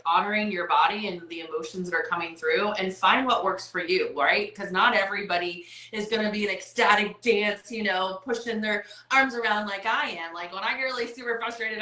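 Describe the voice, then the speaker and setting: A woman hosts a casual wellness chat over a video call. Her voice is bright and forward, and she talks in an upbeat, chatty way, full of "like" and "right?". A roomy echo hangs around her voice. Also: medium pitch. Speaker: host.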